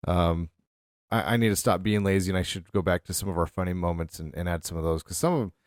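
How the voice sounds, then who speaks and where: A man's voice: deep voice, quick pace, no room sound, studio quality. A middle-aged man co-hosting a podcast, telling rambling stories with lots of fillers in casual chat. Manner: rambling, animated storyteller with many fillers. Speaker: podcast co-host.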